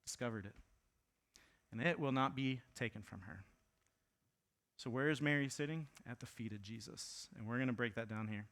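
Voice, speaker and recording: A man's voice: mid-range voice, normal speed, long pauses, a bit bright. A man in his thirties preaching a sermon in a casual, conversational way, with fillers and asides, raising his voice to act out quoted lines. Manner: acts out quoted lines in a raised voice. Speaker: pastor.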